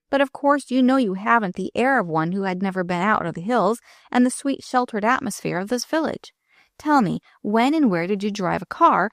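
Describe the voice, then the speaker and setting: A woman's voice: medium pitch, dry recording, studio quality, close to an everyday voice. A woman voicing a bored, condescending rich young man, eager and self-satisfied.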